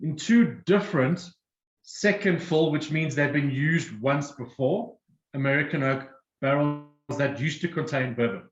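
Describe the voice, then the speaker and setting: A man's voice: fairly high pitch, unhurried, roomy sound, lo-fi sound. A man presenting a whiskey tasting and explaining each drink step by step. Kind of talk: guided tasting talk.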